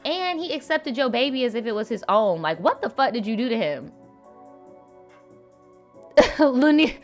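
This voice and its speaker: A woman with a high, slightly bright voice hosts a live show, reading viewer stories and comments and talking straight to the chat. She's casual, blunt and profane, swearing and laughing often.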